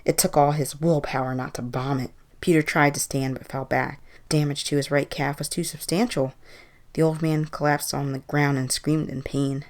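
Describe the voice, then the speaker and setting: Low-voiced woman reading a horror story. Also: flat delivery, normal speed.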